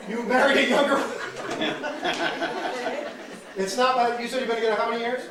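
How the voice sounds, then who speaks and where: A male comedian doing crowd work, teasing audience members with animated banter at a live show. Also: extremely high pitch, moderate pace. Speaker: stand-up comedian. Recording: echoey room, mic far, loud crowd.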